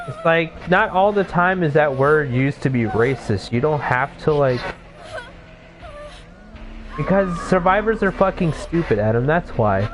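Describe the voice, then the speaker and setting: A young male gaming streamer chats casually while playing a video game, rambling with plenty of fillers and frequent swearing. His voice is a little high, animated and at normal speed, with music in the background.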